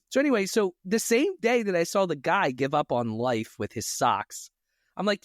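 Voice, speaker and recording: A man co-hosting a podcast, telling a story in an animated way and slipping into voices. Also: sits high, moderate pace, dry recording, clean studio sound. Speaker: podcast co-host. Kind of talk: casual storytelling chat.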